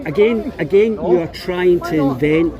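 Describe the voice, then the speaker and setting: A man arguing earnestly at a street protest, his sentences full of restarts as he insists on his point. His voice sits a little high. Crowd noise fills the outdoor space around him. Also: a little slow. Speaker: counter-protester. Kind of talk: heated street argument.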